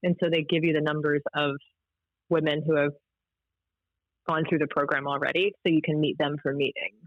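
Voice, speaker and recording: A woman from Maryland in her forties, a podcast guest telling her story in a candid, animated way. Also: sits low, fairly quick, no room sound. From Maryland, USA. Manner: talkative and animated, with frequent restarts and laughter. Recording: dry, slightly dull podcast audio.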